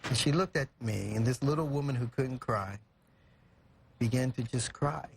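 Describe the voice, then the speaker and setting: A man's voice: mid-range voice, moderate pace, creaky, a little hiss or hum. A young man from California, a guest in a TV studio, telling an emotional story earnestly and reflectively, with many "you know" fillers. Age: young adult.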